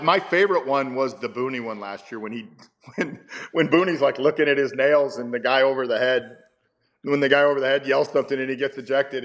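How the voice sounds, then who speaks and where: A man's voice: mid-range voice, fairly bright tone. A man in his fifties, a baseball manager, telling stories in a casual interview with rambling, stammering restarts and chuckles.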